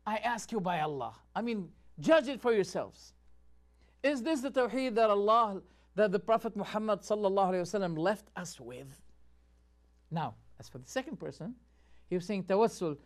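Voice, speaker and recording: A man's voice: sits high, expressive, normal speed. A man, a sheikh presenting a show and commenting on video clips with rhetorical questions and muttered asides.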